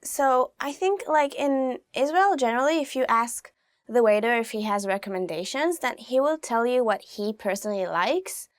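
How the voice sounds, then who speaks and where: Chatty woman with a high voice. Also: normal speed, no echo, clean studio sound. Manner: chatty, relaxed, peppered with "like" and "you know". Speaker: language teacher. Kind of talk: casual online language lesson.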